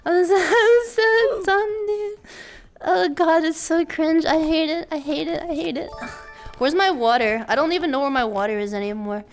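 A woman streamer chatting casually with her live viewers, excitable and laughing often, with mock-exasperated outbursts. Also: very high-pitched, moderate pace, faint music behind. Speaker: VTuber streamer.

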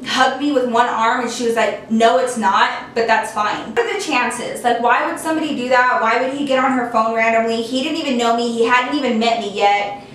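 A young woman casually telling a storytime, chatty and animated, with lots of "like" fillers. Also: fairly high pitch, fairly quick, slight background noise. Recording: echoey room, voice a bit distant from mic.

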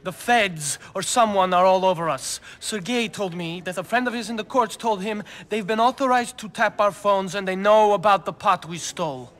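A man's voice: high-pitched, moderate pace, hardly any pauses, fairly bright tone. An actor playing an anxious, level-headed gangster who reasons with and pleads with his boss. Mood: worried. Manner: pleading, earnest.

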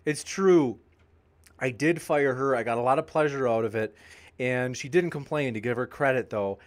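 A man's voice: mid-range voice, moderate pace. A man hosting a live debate stream, reading viewer comments aloud and answering them with upbeat, jokey banter. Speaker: debate channel host.

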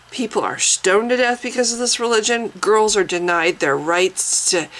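A woman's voice: mid-range voice, a bit bright, rough recording. A woman vlogger giving an angry reaction rant, indignant and swearing, often stopping and restarting her sentences.

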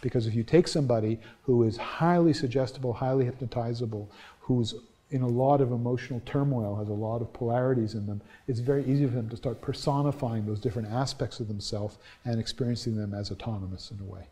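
A man's voice: mid-range voice, fast talker, mellow. A middle-aged man giving a university lecture in a conversational, anecdotal way, often restarting his sentences.

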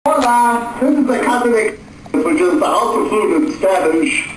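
A man voicing a cheery male puppet waiter who sings and throws in fake Spanish words in a high, sing-song way. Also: expressive, normal speed. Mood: chirpy. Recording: very echoey, distant, noisy room.

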